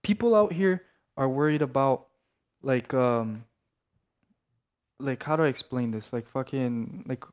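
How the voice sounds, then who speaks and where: A man's voice: medium pitch, a little slow, pauses often, darkish tone. A young man co-hosting a casual podcast, talking animatedly with lots of fillers and swearing. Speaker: podcast co-host. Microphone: headphones, off his usual mic.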